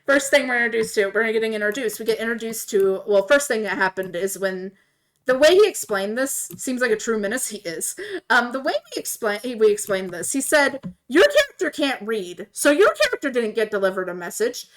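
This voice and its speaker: Animated woman streamer telling a story. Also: a little high, a little fast. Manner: animated, laughing, voices quoted characters. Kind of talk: casual storytelling while gaming.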